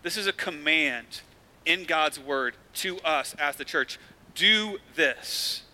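Earnest bright-voiced male pastor preaching. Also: on the high side, measured pace. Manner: earnest, conversational preaching with rising emphasis. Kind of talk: sermon. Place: church.

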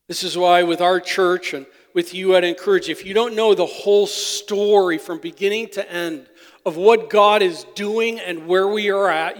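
A male pastor preaching a sermon. He moves between quiet, confiding asides and loud, emphatic declarations. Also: high-pitched. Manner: impassioned, swings from soft asides to loud declarations. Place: church sanctuary. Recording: long hall reverb.

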